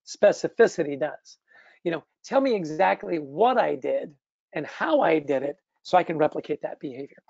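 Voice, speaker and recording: A middle-aged man giving a motivational webinar talk. He tells stories in a lively way and keeps checking in with "right?". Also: fairly high pitch, moderate pace, gravelly, no room sound, highs cut off. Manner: lively storytelling, often asks "right?". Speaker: speaker on leadership.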